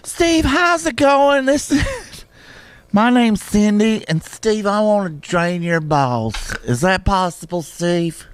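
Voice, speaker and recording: A man's voice: high voice, lively intonation, slight background noise, voice pushed up. A man putting on a giggly crude woman caller. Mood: lewd flirting. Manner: giggly, drawn-out lewd come-ons.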